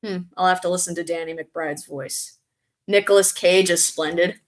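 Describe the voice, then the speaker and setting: A woman chatting casually on a live stream, reading viewer comments and reacting with excitable, frequent laughter. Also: lowish voice, moderate pace.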